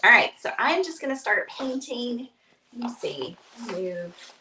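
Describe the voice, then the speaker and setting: A woman's voice: fairly high pitch, lively intonation, measured pace. Chatty woman on a craft stream. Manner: chatty, rambling storyteller with fillers. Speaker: craft instructor hosting a live stream. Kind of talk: casual live craft stream chat. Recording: echoey room with faint noise.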